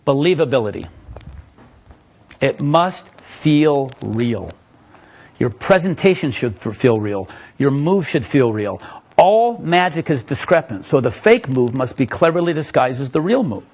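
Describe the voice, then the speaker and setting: A man's voice: mid-range voice, sing-song, unhurried, darkish tone. A man giving a live magic lecture, playful and joking with the audience as he demonstrates tricks.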